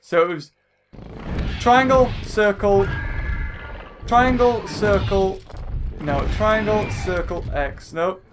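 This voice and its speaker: A man doing jokey gameplay commentary as a let's play host, excitable and often shouting at the screen. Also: high-pitched, slow pace, long pauses. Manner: excitable and jokey, yelling at the game. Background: game music.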